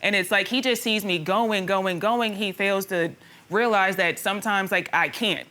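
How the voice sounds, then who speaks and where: Bright-voiced woman telling her side. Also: medium pitch, normal speed. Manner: storytelling, imitates her partner. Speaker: litigant on a court show. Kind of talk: animated testimony to a judge.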